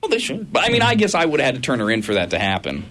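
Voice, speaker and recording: A male radio host tells a story on air, his pitch swinging widely as he talks. He sounds animated and incredulous. His voice sits in an ordinary middle register. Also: racing. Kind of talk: storytelling on a talk show.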